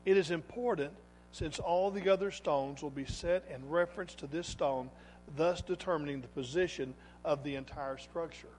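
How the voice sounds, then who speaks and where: A male pastor preaching a sermon, swinging between loud exhortation and quiet asides in a church sanctuary. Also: a little high, moderate pace, in a large hall, faint music behind.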